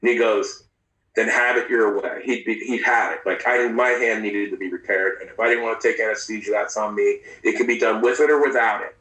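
A man recounting his own past in an interview, speaking candidly and haltingly, with frequent profanity and restarts. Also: on the low side, fairly even intonation, fairly bright tone. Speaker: interview guest. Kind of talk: personal storytelling in a podcast interview. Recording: roomy, distant mic.

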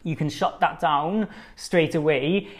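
Slow and slightly high-pitched, this solo podcast host speaks casually into his mic. He rambles conversationally, using lots of filler words.

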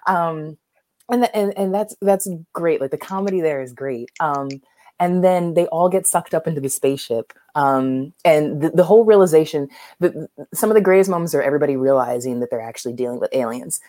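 A woman's voice: sits low, fairly quick, warm tone, no echo, clean studio sound. A woman co-hosting a podcast, chatting casually about a film with many fillers and restarts. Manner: rambling, many fillers and restarts, laughs often. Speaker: podcast co-host. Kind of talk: casual movie chat.

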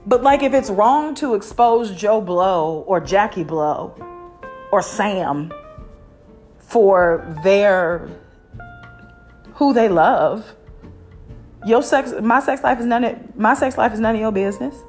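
A woman's voice: medium pitch, slow pace, long pauses, a little mellow, faint music behind. A woman hosting a podcast in casual chat, candid and opinionated, with frequent fillers and restarts. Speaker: podcast host.

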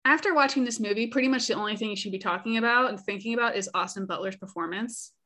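A woman's voice: medium pitch, fast talker, pushed and bright. A woman co-hosting a casual podcast discussion, thoughtful and often reading review quotes aloud. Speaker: podcast co-host.

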